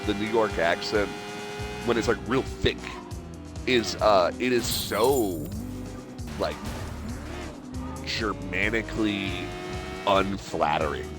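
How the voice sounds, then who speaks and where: A man's voice: on the low side, slow pace, long pauses, over music. A young man hosting a game stream, chatting casually and rambling with lots of fillers. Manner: rambling, heavy use of "like". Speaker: host.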